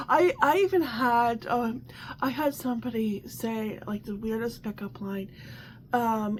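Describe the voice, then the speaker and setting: A woman with a fairly high voice talks through a casual coffee chat, rambling and restarting as she goes, often breaking into laughter. She sounds exasperated and chatty, and a faint hum of room ambience sits behind her. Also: measured pace. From Canada. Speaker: vlog host.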